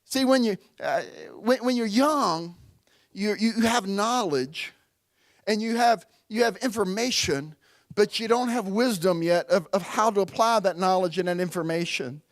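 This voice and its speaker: A man's voice: high-pitched, a little slow, dry recording. A middle-aged man preaching a sermon at a church, conversational and storytelling, calling out to the congregation. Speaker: pastor.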